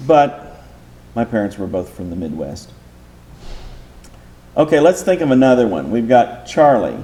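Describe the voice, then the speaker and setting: A man's voice: medium pitch, big pitch swings, a little slow, mellow, a little hiss or hum. A man teaching a Bible class in a lecture style, patiently explaining step by step and posing rhetorical questions to his listeners.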